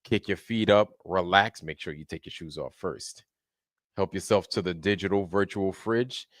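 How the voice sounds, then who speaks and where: A relaxed man chats on his livestream and greets viewers one at a time. His voice sits fairly low. The sound is close and dry, with no room around it. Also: moderate pace, no echo. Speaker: livestream host. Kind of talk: casual livestream chat.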